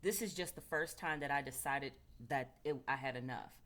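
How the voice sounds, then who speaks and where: A woman's voice: rumbling low, moderate pace, fairly bright tone. Woman doing a stern store security man. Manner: firm, accusing, repetitive.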